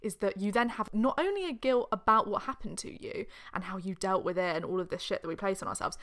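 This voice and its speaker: A woman's voice: medium pitch, quick pace, fairly bright tone. A woman co-hosting a podcast, chatting in a reflective, casual way and swearing offhandedly. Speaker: podcast co-host. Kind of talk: casual chat.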